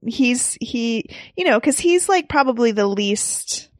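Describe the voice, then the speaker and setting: A woman's voice: on the high side, animated, slow, no room sound, studio quality. Chatty woman co-hosting a movie podcast. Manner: chatty, laughs often, hedging. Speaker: podcast co-host. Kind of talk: casual movie podcast chat.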